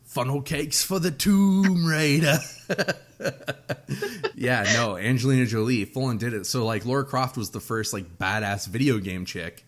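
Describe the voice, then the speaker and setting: This is an American man hosting a casual podcast. He trades crude jokes with his co-host and laughs often. His voice sits at an everyday middle pitch. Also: measured pace. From United States. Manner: crude, joking banter with frequent laughs. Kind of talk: casual chat.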